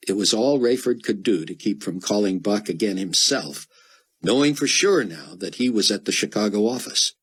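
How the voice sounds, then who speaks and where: A man narrating an audiobook in an even, steady storytelling manner. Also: lowish voice, normal speed, husky, rough recording. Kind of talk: scripted narration.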